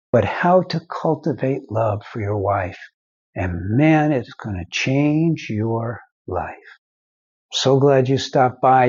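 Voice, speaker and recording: A man's voice: mid-range voice, warm tone, slightly rough, lo-fi sound. An older man, a marriage counselor and founder, giving folksy advice to the camera and acting out little stories. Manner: slow, folksy storytelling with acted-out quotes.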